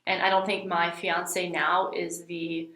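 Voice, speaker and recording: A young woman, a YouTuber, chatting as a podcast guest in a relaxed, easygoing way. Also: lowish voice, takes it slowly. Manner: relaxed, easygoing, lots of "like" and "you know". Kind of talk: casual interview chat. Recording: roomy echo.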